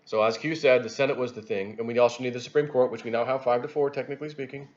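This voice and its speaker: A man giving rambling political commentary on his video channel, animated and repeating himself as he talks. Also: mid-range voice, fast, muffled recording. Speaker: YouTube commentator.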